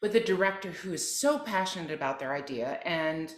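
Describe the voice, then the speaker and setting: A woman's voice: lowish voice, expressive, fairly quick. A woman opera soprano, a guest on a podcast, earnestly giving advice in conversation. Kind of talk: interview conversation. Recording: roomy echo.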